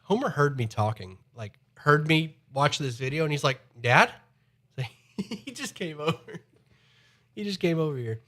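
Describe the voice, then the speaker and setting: Slightly nasal, lively male streamer. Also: a little high, moderate pace. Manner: rambling, chatty, repeats himself. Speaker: live streamer. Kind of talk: casual chat.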